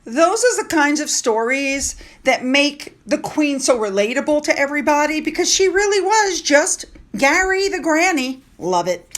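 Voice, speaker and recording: Woman, high-pitched, casual vlog chat, gossipy, talks to viewers. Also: very animated, normal speed, fairly bright tone. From United States. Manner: chatty and gossipy, with asides to viewers. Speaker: royal news vlogger.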